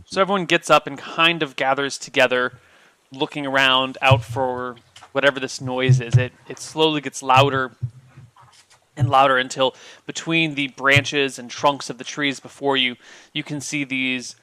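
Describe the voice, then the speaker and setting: A man acting as game master, narrating scenes and calling for dice rolls in a relaxed, descriptive way. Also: medium pitch, smooth, no room sound. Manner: descriptive, unhurried scene-setting.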